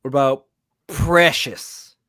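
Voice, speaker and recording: A man's voice: mid-range voice, steady tone, takes it slowly, fairly bright tone, dry recording, clean studio sound. A man co-hosting a comedy podcast, reading titles off a list and teasing his co-hosts. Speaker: podcast co-host. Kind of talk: casual comedic chat.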